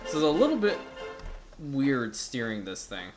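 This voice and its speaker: A man talking through his gameplay in a relaxed, casual way, then getting excitable and loud when something surprises him. His voice sits at a middling pitch, and faint music plays quietly behind him. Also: moderate pace. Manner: chatty, excitable, bursts into gleeful shouting. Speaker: gaming YouTuber.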